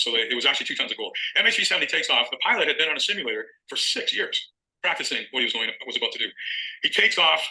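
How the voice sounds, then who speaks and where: A man's voice: mid-range voice, pushed and bright, rough recording. A middle-aged man telling a long story in an interview as a guest author, acting out phone calls as he goes.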